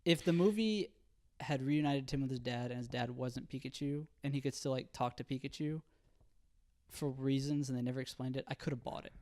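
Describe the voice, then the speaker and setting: A young man co-hosting a casual movie review podcast, laid-back and quick to laugh. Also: medium pitch, a little mellow. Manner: laid-back, laughs easily, acts out quotes. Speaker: podcast co-host.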